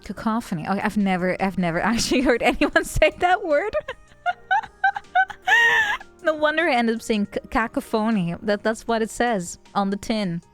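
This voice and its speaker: Brief: giggly non-native-English woman streamer, casual rambling chat, lively pitch, soft music underneath. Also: moderate pace. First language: not English.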